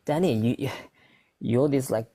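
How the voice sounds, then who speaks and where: A woman's voice: extremely low pitch, measured pace, mellow. A woman hosting a casual chat. She talks bluntly and backs up her friend. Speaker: host.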